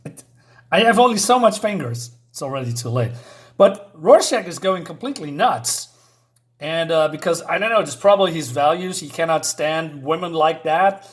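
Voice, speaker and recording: A man's voice: fairly high pitch, animated, normal speed. Chatty man reviewing a comic. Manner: hesitant, many fillers, chuckling asides.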